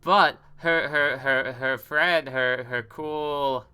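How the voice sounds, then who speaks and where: A man recaps his tabletop game session in a loose, rambling way, cracking jokes and laughing along. His voice is bright and smooth. He keeps it casual. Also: mid-range voice, steady tone, takes it slowly. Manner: rambling, joking, laughs often. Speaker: player recapping the story.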